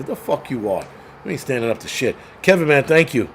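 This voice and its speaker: A man's voice: on the high side, animated, quick pace, slight background noise. A man hosting a live stream, ranting heatedly and profanely, often stammering over the start of a sentence before pushing on. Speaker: channel host.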